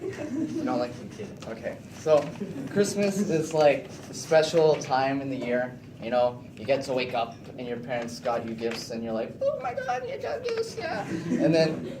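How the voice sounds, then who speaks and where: A man's voice: mid-range voice, moderate pace. Teenage boy presenting in an echoey classroom. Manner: animated, keeps checking in with "okay?". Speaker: student presenter. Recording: echoey room, distant mic, noisy.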